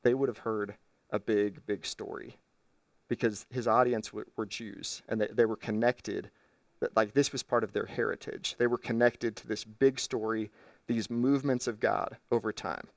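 A man's voice: on the low side, fairly even intonation, normal speed, gravelly, no room sound, recorded from a distance. A man preaching a sermon from a church stage, teaching his congregation step by step in an earnest way. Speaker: pastor.

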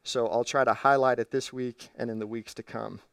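A man's voice: mid-range voice, steady tone, a little fast, gravelly, no echo, distant mic. A man preaching a sermon from a church stage, teaching his congregation step by step in an earnest way. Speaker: pastor.

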